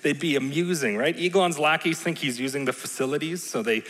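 A man's voice: a little high, fairly quick, a bit bright. A man preaching a sermon in a conversational, playful way, often checking in with the room. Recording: long reverb in a large hall.

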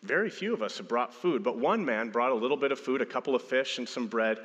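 Pastor preaching in a reverberant hall. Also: male voice, mid-range voice, expressive, fast talker, a bit bright, muffled recording. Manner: storytelling, acts out quotes with a raised voice. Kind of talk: sermon.

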